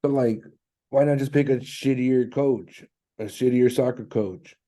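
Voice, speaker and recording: A man's voice: mid-range voice, fairly even intonation, a little slow, dark tone. A man co-hosting a podcast, chatting casually, rambling and swearing, acting out quotes as he goes. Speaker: podcast co-host. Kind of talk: casual chat.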